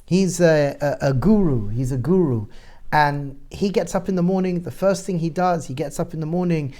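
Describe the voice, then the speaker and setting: A middle-aged man, a rabbi, talking as a guest in a conversational discussion, telling stories and growing animated as he goes. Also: fairly high pitch, moderate pace. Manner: storytelling, grows animated and louder describing family chaos.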